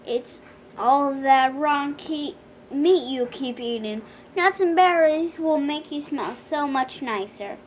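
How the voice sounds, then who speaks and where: Woman doing a bold young princess, blunt, matter-of-fact, high voice, slow, faint hiss.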